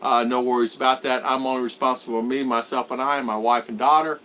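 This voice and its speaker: Broadcasting a casual live stream from his home in the Philippines, this middle-aged American vlog host is recovering from a cold. He wanders off topic, reads out viewer comments, and leans on frequent fillers. The voice is bright and forward at medium pitch, with a steady tone and quick pace, and a little background noise underneath.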